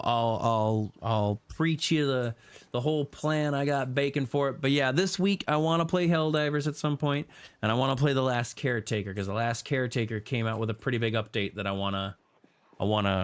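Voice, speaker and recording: A man in the middle of a multiplayer gaming session, talking casually with his friends. His tone is playful and teasing, with lots of repeated words and restarts. Every so often his voice jumps into high, squeaky exclamations. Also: clean tone. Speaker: gaming streamer. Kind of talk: casual multiplayer gameplay chat.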